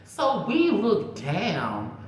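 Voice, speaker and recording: A woman, a vlogger telling a story in a casual, animated, profane way, talking straight to her viewers. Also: medium pitch, very slow. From Mississippi. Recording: very echoey room.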